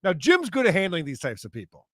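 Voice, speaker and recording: Man, podcast co-host, bouncy upper-register voice, quick teasing banter with laughs, dry close mic. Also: high-pitched, wildly swooping pitch, fairly bright tone, dry recording. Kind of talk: casual comedy podcast chat.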